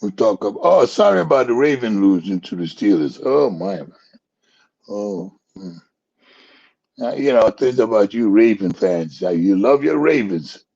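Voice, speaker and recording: A man's voice: fairly low pitch, lively intonation, normal speed, gravelly, warm tone, breathy edge, lo-fi sound. A man hosting a talk show, telling a rambling joke in casual chat and chuckling at his own punchlines. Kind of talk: casual storytelling commentary.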